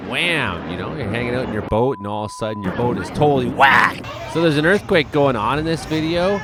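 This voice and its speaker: A man talks loosely over nature clips as a show host, tossing in jokes and sudden excited shouts. His pitch sits in the middle range for a man. A steady noise hiss runs underneath. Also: brisk. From Canada. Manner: chatty, exclaiming, jokey asides. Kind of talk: casual commentary over video clips.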